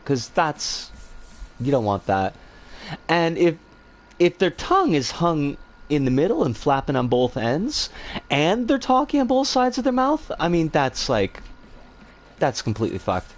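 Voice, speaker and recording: Animated man with a wildly swinging voice. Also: a little high, normal speed. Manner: rambling and animated, with casual swearing. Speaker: streamer. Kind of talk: casual chat answering viewer comments.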